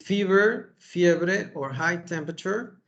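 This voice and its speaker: Slow, gravelly man teaching English. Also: sits high, a bit bright, dull audio. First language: Spanish. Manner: slow, patient, repeats words and adds "okay?". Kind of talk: kids' vocabulary lesson.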